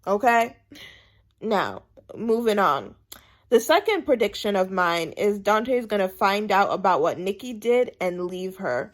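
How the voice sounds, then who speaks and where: A woman chatting casually through a TV episode recap, animated and emphatic, repeating her points for effect. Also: mid-range voice, measured pace. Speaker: TV show recap vlogger.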